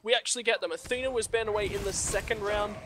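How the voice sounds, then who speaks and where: A man's voice: high voice, steady tone, fast talker. A young man with a British accent casting an esports match in a playful, theatrical announcer manner. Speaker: esports caster. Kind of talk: esports commentary.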